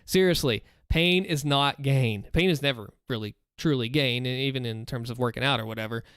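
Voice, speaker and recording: A man's voice: mid-range voice, fairly quick, a bit bright, smooth, dry recording, studio quality. Earnest man chatting on a live stream. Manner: earnest, rambling, lots of restarts, advice-giving. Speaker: streamer answering viewer questions. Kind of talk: casual live-stream chat. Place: home room, seated in a chair. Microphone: desk microphone.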